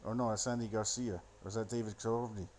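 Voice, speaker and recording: A man's voice: on the low side, steady tone, fast talker, a little mellow. Sardonic man mocking a movie. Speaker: solo commentator. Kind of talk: rambling movie commentary. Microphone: phone.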